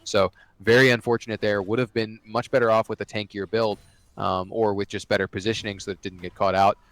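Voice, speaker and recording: Man, esports color commentator, low voice, rapid delivery, breaks down plays. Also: little pitch movement, no room sound. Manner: analytical, many fillers like "you know" and "um".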